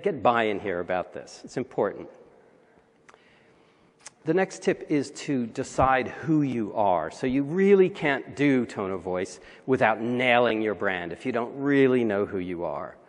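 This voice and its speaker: A man's voice: medium pitch, big pitch swings, a little slow. A man giving a conversational conference talk with wry asides, recorded in a large hall. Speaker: conference speaker.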